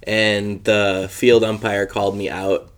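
Twenties man from Wisconsin, podcast guest, lowish voice, laid-back rambling storyteller. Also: takes it slowly, smooth. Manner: relaxed, rambling with many fillers. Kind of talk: casual storytelling.

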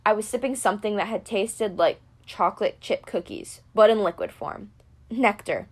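A woman narrating a first-person audiobook with steady storytelling. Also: mid-range voice, normal speed, slightly rough. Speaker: audiobook reader.

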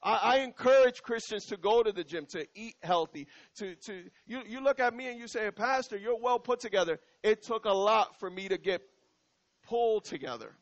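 High-voiced male pastor preaching casually. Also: dull audio. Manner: conversational preaching, repeats lines slowly for emphasis. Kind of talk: sermon. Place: church.

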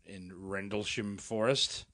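A man's voice: fairly low pitch, steady tone, slow pace, fairly bright tone. A man co-hosting a podcast in casual, rambling chat with restarts and laughs. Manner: rambling, many restarts, laughs while talking. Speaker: podcast co-host.

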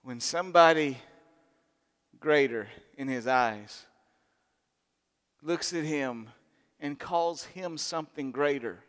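A middle-aged man preaching a sermon, swinging from loud, emphatic lines to soft, intimate asides. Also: fairly high pitch, slow, long pauses, smooth. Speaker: pastor. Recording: long hall reverb.

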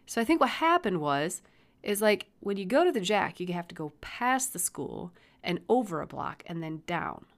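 A woman's voice: medium pitch, big pitch swings, normal speed. A middle-aged woman hosting a podcast, casually retelling a story about her kid in a blunt, rambling way, swearing freely. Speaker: podcast host and mother.

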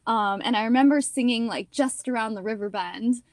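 A young woman actor telling stories in a casual interview, chatty and animated, with lots of "like" and "you know". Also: fairly high pitch, brisk, no echo, clean studio sound.

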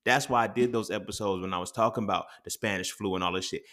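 A man's voice: fairly low pitch, fast talker, fairly bright tone. A man, blunt and profane, talking through a solo podcast monologue. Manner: blunt, profane, preachy and emphatic. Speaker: podcast host.

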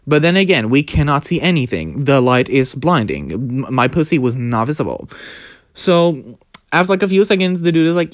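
Animated, lively young man. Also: mid-range voice, moderate pace, dry recording, clean studio sound. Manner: animated, dramatic, profane, gossipy. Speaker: vlogger. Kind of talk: casual storytime.

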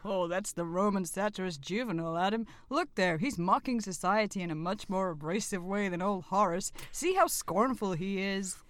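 A man voicing a benign female deity in a put-on accent, speaking slowly and solemnly in a comedy sketch. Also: sits high, expressive, fairly bright tone, no room sound.

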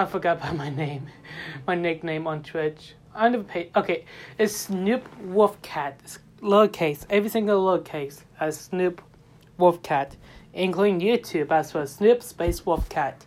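A woman from the United States hosting her own casual solo podcast, her voice sitting a little low. She talks in a loose, wandering way, stopping and restarting, with bent grammar and plenty of fillers. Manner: rambling and halting, with loose grammar and frequent fillers. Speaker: podcast host.

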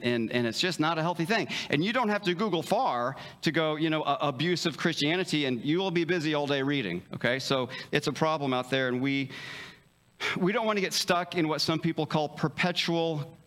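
A man's voice: fairly high pitch, a bit bright. A male pastor preaching a casual, joking sermon, full of restarts and acted-out bits of dialogue. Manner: conversational, joking, with many restarts and stammers; acts out quick dialogue in livelier voices.

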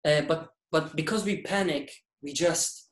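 Man, halting, repeated words, casual discussion, echoey room. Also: on the high side. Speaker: guest speaker.

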